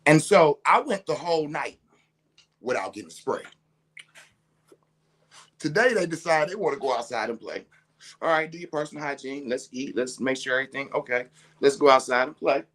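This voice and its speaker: Man, casual storyteller, animated, cusses a lot, mid-range voice. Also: medium pitch, normal speed, long pauses. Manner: animated, laughing through his words, swearing freely. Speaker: father telling a story.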